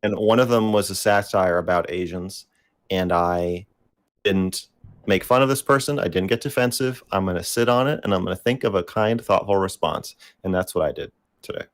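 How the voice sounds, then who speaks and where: A man co-hosting a casual chat, speaking in a thoughtful, measured way. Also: sits low, no echo.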